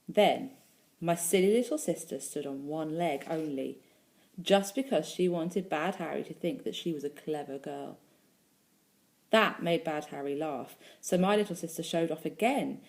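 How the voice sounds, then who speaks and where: A female primary school teacher reads a storybook aloud expressively, pausing to speak with the children listening. Her voice is deep and a little mellow, at normal speed.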